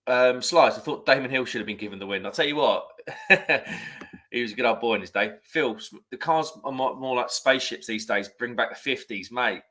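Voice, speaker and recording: Bright-voiced chatty man. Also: mid-range voice, brisk. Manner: chatty, rambling, self-correcting. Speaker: live stream host. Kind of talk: casual live-stream chat, reading viewer comments.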